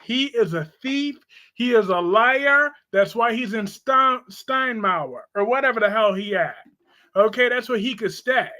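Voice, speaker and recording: Very high-voiced sassy man. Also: a little slow. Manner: sassy, expressive, answering chat. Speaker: live-stream host. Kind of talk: casual live-stream chat.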